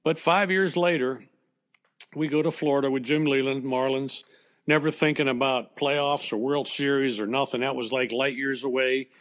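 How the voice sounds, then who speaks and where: A man's voice: medium pitch, fairly even intonation, moderate pace, fairly bright tone. An older man, a former baseball coach, telling a personal story in an interview in a plainspoken, conversational way with fillers and restarts. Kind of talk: emotional storytelling in a podcast interview.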